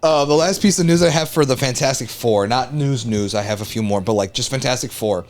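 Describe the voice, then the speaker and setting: A man's voice: mid-range voice, a little fast. A man hosting a podcast, reading out entertainment news in a laid-back, joking way and swearing casually.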